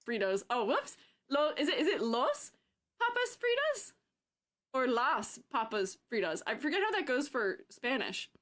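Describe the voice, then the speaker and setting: A woman's voice: a little high, big pitch swings, normal speed, fairly bright tone, dry recording. A woman VTuber streaming, chatting casually and playfully, often giggling and talking to herself. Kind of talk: casual livestream chat.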